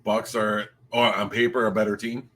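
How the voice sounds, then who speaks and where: A man's voice: on the low side, flat delivery, normal speed, fairly bright tone. A man co-hosting a casual football picks chat, playful and teasing, laughing often. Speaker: podcast co-host.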